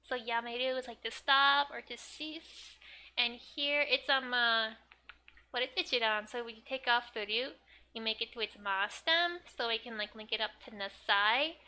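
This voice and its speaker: A woman's voice: a little high, moderate pace, sharp tone, slight background noise. A young woman giving a casual language lesson, chatty and thinking aloud with fillers and frequent laughs. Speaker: Japanese language tutor.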